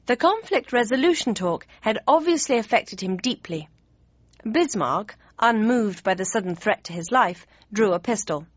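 A woman narrating an audiobook in the first person with crisp, even storytelling. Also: medium pitch, moderate pace, no echo. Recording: dry, slightly dull studio read.

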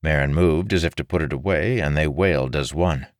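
Super deep male narrator reading a fantasy audiobook, lively delivery, dry close mic. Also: clear, resonant tone, no echo. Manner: measured, expressive storytelling. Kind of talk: scripted fantasy novel narration.

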